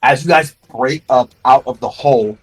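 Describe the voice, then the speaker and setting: A husky-voiced man runs a tabletop game, describing the scene in a loose, rambling way full of fillers and restarts. Faint music plays underneath his narration. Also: medium pitch, normal speed, rough recording. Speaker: game master.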